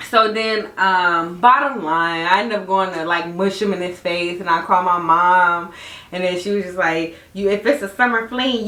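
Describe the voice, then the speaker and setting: A young woman hosts a casual podcast storytime, animated and often laughing, her pitch leaping around. She sits at some distance from the mic in an echoey room. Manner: animated, laughing, swings high and low in pitch. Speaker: podcast host.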